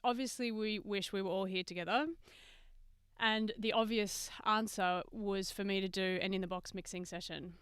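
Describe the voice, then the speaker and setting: Woman doing a casual studio livestream, smooth clear voice, dry close sound, chatty with lots of ums. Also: mid-range voice, fairly even intonation, normal speed, a bit bright, dry recording. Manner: chatty, greets viewers by name, many fillers. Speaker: mixing engineer hosting a livestream masterclass. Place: studio with a mixing desk. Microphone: webcam and computer mic on a video stream.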